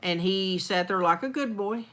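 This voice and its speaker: Bright, animated Texan woman. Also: medium pitch, normal speed. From Texas. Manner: animated storyteller, acts out quotes. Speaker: host. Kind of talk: casual chat.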